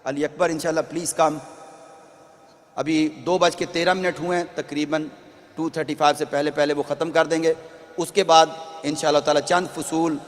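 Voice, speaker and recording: Rapid-talking male announcer in a mosque. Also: on the high side, level tone. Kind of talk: program announcements. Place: mosque hall. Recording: long mosque hall reverb.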